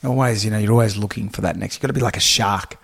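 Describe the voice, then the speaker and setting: A middle-aged Australian man, a radio host being interviewed, chatting in a relaxed, joking way and telling stories with a dry, laid-back delivery. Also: fairly low pitch, racing, vocal fry, slightly rough.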